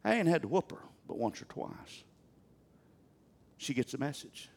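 An older man with a drawl delivers a sermon from the pulpit. His voice sits notably high for a man, and he preaches in a folksy, humorous, animated way. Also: normal speed, vocal fry, husky. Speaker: pastor.

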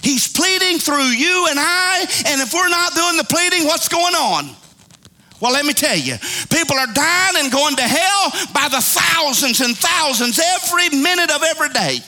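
A middle-aged male preacher with a strikingly high voice, delivering a fiery, folksy sermon. His tone is sharp and tense, and he calls out to the congregation for answers. He swings from emphatic shouts down to hushed pleading. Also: lively intonation, moderate pace. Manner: call-and-response with the congregation; folksy, plain-spoken.

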